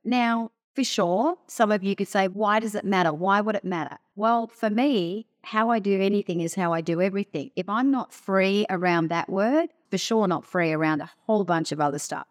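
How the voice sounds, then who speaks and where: A woman co-hosting a podcast, reflecting in a measured, reasoning way during casual chat. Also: medium pitch. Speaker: podcast co-host and trainer.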